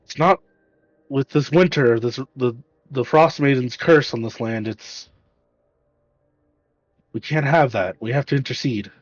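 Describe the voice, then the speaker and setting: A man's voice: medium pitch, unhurried, pauses often, dry recording, muffled recording, lightly acted. A man voicing an earnest young paladin. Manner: earnest, remorseful.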